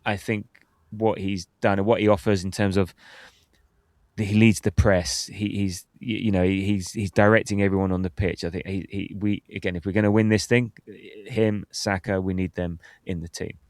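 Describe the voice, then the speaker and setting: A low-pitched man in his fifties talks football on a podcast in a loose, chatty way, laughing easily as he goes. His voice sits close and dry, with no room sound around it. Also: flat delivery, normal speed, a little mellow, dry recording. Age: 50s. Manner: chatty, laughs often, reads out listener comments. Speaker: podcast host. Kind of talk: casual football podcast chat.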